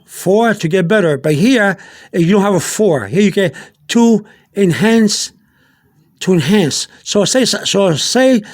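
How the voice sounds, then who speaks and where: A man with a high voice gives a loose, unscripted video lesson. He rambles and stops often on fillers, says the same words twice, and slows right down to sound out foreign words. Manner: spells out Spanish words slowly. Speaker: Spanish teacher.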